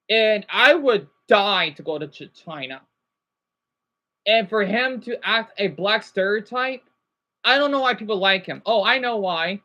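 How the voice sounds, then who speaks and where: A male vlogger in his thirties rants through an agitated, rambling commentary, cursing often and then apologizing for it. His voice sits high and sounds strained and bright, though the audio itself is dull.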